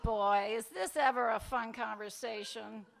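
A biting, sarcastic wife with a high, sharp voice, as a male author reads her lines. She presses hard and mocks, cutting through every dodge in this dialogue from a literary reading. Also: unhurried, vocal fry, a faint crowd, exaggerated voice. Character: sharp-tongued woman, wife, bitter and sarcastic. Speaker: fiction author reading aloud.

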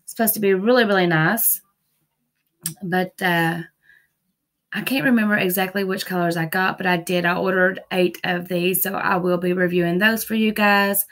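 A woman's voice: on the low side, steady tone, normal speed, a bit bright. A woman vlogging a nail-product haul from home, gushing and repeating herself with casual fillers. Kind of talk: casual haul video chat. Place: busy home with TVs and dogs.

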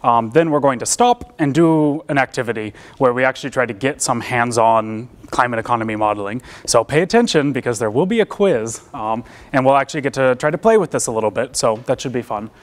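A man's voice: mid-range voice, animated, brisk, few pauses. Young American male presenter, informal academic delivery, self-deprecating and chatty. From United States. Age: young adult. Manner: casual, self-deprecating, many fillers and restarts. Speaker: seminar presenter. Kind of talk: academic seminar talk. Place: lecture room.

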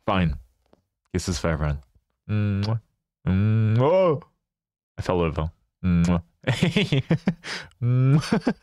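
A man chats with his live audience in a relaxed, teasing way, laughing easily. His delivery is unhurried, with lively ups and downs in pitch. The sound is dry, with no room echo. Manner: playful, teasing, laughs often. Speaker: livestreamer. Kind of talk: casual chat with viewers.

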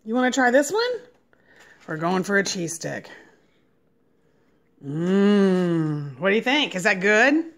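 A young woman at home feeding her son, filmed on a phone, switching between soft murmured questions and high cheerful praise. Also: big pitch swings, takes it slowly, pauses often. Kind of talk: casual home video chat.

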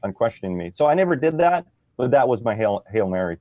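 Guest man, conversational and explanatory, mid-pitched voice, dry close recording. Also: quick pace, no echo. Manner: relaxed, explanatory, tags sentences with "right?". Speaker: podcast guest. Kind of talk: conversational interview.

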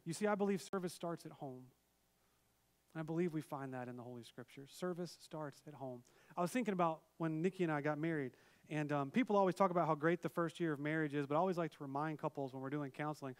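A male pastor, probably in his thirties, preaching a sermon in a relaxed, conversational way with personal stories and asides. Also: fairly high pitch. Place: church sanctuary, virtual service.

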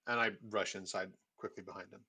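A man's voice: sits low, fairly even intonation, brisk, bright, forceful tone, husky. A man playing in a tabletop game, talking casually about his character's actions. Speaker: player.

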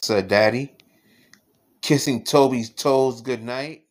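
A man's voice: medium pitch, slow pace. A man reading a children's picture book aloud as a bedtime story.

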